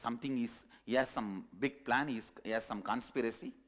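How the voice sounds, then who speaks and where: A man's voice: mid-range voice, a little fast, a bit bright, pitched below the performer's own voice, close to an everyday voice. A man voicing a timid young lion cub who believes he is a sheep, pleading and anxious, in a told story. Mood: fretful.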